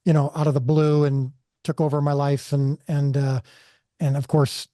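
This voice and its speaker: A man's voice: on the high side, level tone, normal speed, warm tone, dry recording, studio quality. A man guest on a podcast interview, telling a personal story earnestly and with animation, often restarting his sentences. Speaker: filmmaker guest.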